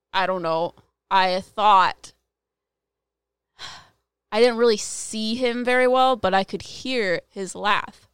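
Chatty woman podcaster, lots of likes, very clear voice, dry sound. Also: mid-range voice, fairly bright tone, no room sound. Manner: chatty, many "like" fillers, gets quicker when stressed. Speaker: podcast co-host, psychic medium. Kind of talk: casual storytelling chat.

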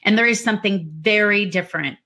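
A woman's voice: mid-range voice, fast talker, sharp tone. A woman co-hosting a casual chat, reading out listener comments and talking about her editing. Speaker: co-host.

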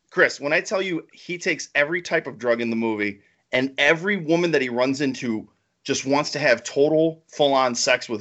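A man co-hosting a podcast in casual chat, excitable and rambling, laughing often. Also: fairly high pitch, highs cut off. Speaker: podcast co-host.

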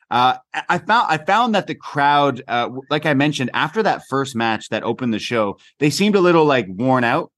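A Canadian man co-hosting a podcast, recapping a wrestling show in rambling casual chat with lots of fillers and the odd swear. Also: mid-range voice. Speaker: podcast co-host.

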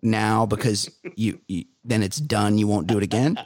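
A man's voice: lowish voice, normal speed, darkish tone, no room sound, clean studio sound. A man co-hosting a comedy podcast, chatting casually, cracking jokes and cutting in on the others. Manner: jokey, interrupts, mocks with put-on quotes. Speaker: podcast co-host.

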